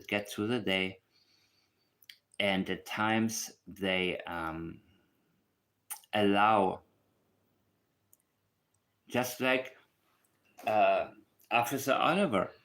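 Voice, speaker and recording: A man's voice: fairly low pitch, takes it slowly, long pauses, a bit bright. A man giving casual true crime commentary alone, emphatic and repeating his points for stress.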